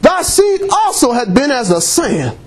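High-voiced man preaching a sermon. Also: very animated, measured pace. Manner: calls for amens, laughs often, reads scripture aloud. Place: church.

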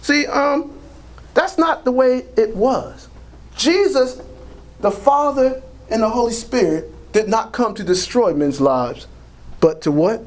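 An older male pastor preaching a sermon with fervent call-and-response. His voice runs high for a man and swings widely in pitch. He punctuates his points with cries of praise. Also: lively intonation, takes it slowly.

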